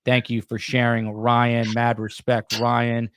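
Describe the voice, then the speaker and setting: A man's voice: medium pitch, completely flat delivery, slow, a bit bright, smooth, dry recording, clean studio sound. A man hosting a podcast interview, supportive and conversational, with frequent fillers. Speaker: podcast host.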